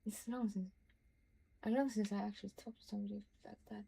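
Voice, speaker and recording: A woman's voice: medium pitch, fairly even intonation, a little fast, gravelly, warm tone, husky, rough recording. A woman with a Northern Norwegian accent, rambling chattily and swearing as she streams a game. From Norway. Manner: rambling, chatty and profane, mutters asides. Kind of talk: casual gaming commentary.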